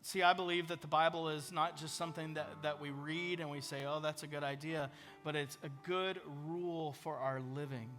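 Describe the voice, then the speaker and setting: Male pastor, high bright voice, earnest conversational sermon, faint music bed. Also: fairly even intonation, moderate pace. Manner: earnest, conversational preaching with prayerful asides.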